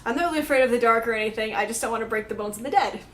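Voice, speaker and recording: A young woman chats through a book questionnaire in a casual vlog, full of "um" and "like" and quick giggles. Her voice sits a little high. A faint hiss of room noise runs under it. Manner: chatty, rambling, frequent fillers and giggles. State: tearful, crying. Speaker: book vlogger.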